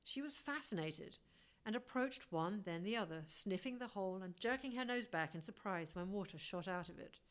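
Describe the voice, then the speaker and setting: A woman's voice: mid-range voice, expressive, normal speed. A woman reading a first-person story aloud as an audiobook, with a wry, lightly humorous manner. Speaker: audiobook narrator. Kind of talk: storybook narration.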